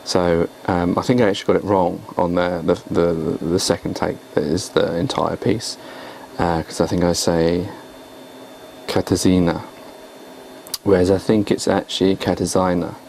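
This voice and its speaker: A man's voice: sits low, steady tone, moderate pace, gravelly, few pauses, a little mellow, a little hiss or hum, low-quality recording. A man talking casually on his video blog about his poems, in a rambling, hesitant, self-deprecating way. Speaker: poet and vlogger.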